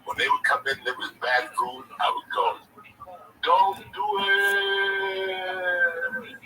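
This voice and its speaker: A man's voice: medium pitch, monotone, fairly quick, pushed and bright, faint music behind. A man hosting a livestream, telling rambling, profane comic stories. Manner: rambling, profane, laughing often. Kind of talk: comic storytelling. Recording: distant mic with noisy background.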